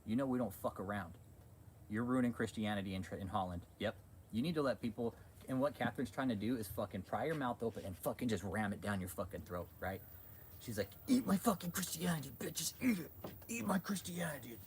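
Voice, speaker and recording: A man's voice: fairly low pitch, fairly quick, a little hiss or hum. A man hosting a livestream, ranting in a heated, profane, repetitive way. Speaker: channel host.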